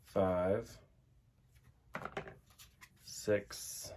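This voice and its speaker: A man's voice: deep voice, steady tone, extremely slow, background noise. A young man casually reviewing a tarot deck, chatty and rambling with lots of filler words. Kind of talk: casual chat.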